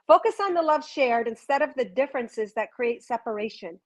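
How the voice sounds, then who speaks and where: A woman giving a live oracle card reading, talking softly and wandering between thoughts with gentle excitement. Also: a little high, fairly quick, low-quality recording. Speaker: card reader.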